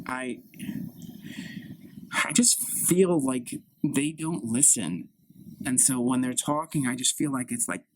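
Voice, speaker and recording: A man's voice: fairly high pitch, dry recording, poor audio. A man improvising an anxious young woman complaining to her mother. She halts and repeats herself in a plaintive way. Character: anxious young woman, insecure and aggrieved daughter. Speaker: improv performer. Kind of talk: solo improv scene.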